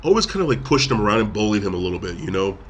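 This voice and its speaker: A man's voice: lowish voice, big pitch swings, racing. A man hosts a laid-back podcast, retelling a film scene by scene in a loose, rambling way. He stumbles over restarts and keeps leaning on fillers. A faint hiss sits under his voice. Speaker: podcast host. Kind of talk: casual movie review chat.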